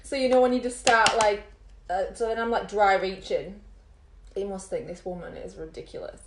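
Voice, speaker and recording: A woman vlogging and telling a rambling story in an animated way, full of fillers. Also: medium pitch, moderate pace, noisy background. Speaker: makeup vlogger. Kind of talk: chatty storytelling. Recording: roomy echo.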